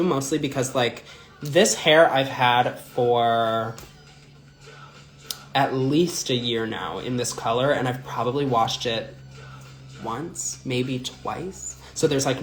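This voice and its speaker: Young male drag performer, loose chatty livestream delivery, filler-heavy, mid-pitched, roomy echo. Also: fairly bright tone. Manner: rambling, chatty, many "like" and "um" fillers. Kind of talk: casual livestream chat answering viewer comments. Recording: echoey room with faint music.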